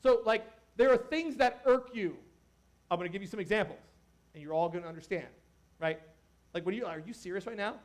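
A man preaching a casual, conversational sermon as a pastor, animated and joking, with many asides to the congregation. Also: high-pitched, brisk, long pauses.

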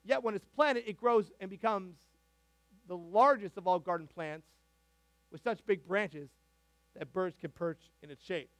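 A man preaching a sermon as a pastor, animated and conversational, with frequent asides and restarts. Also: high-pitched, a little slow, dry recording. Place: church sanctuary.

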